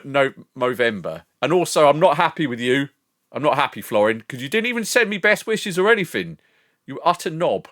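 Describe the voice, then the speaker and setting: A man's voice: fairly high pitch, a bit bright, no echo, studio quality. An older man streaming from home, chatting casually with his viewers, rambling, swearing and laughing often. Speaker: live streamer. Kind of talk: casual chat with live chat.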